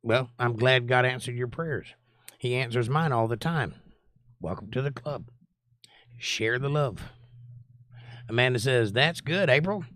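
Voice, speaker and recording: A man's voice: mid-range voice, a little slow, pauses often, a bit bright, no echo, studio quality. A man hosting a live online Bible study, casually reading viewer comments aloud, greeting people by name and answering them. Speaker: Bible study teacher and livestream host.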